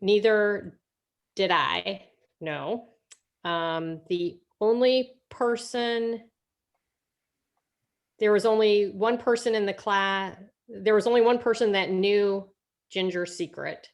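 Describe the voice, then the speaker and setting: A woman's voice: mid-range voice, slow, dull audio. A woman student reading a class story aloud, hesitating and checking her wording. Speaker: student reader.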